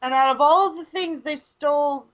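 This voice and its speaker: A woman's voice: sits high, fairly bright tone, highs cut off. A woman hosting a casual podcast chat, blunt and opinionated. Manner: blunt, opinionated, quick reactions. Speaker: podcast host.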